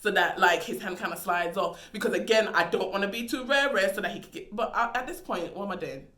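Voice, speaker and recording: A young woman vlogger telling a story in an animated, dramatic way, with casual slang. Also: mid-range voice, fast talker, reverberant. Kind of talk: storytime vlog.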